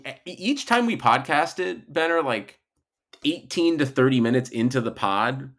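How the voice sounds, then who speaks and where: Lively, rambling male podcast host. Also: mid-range voice, a little slow. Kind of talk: casual comedic banter.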